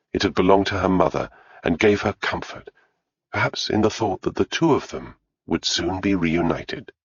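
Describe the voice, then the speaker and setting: A man narrating an audiobook in a measured, unhurried way. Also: low voice, creaky, breathy edge, no room sound, lo-fi sound.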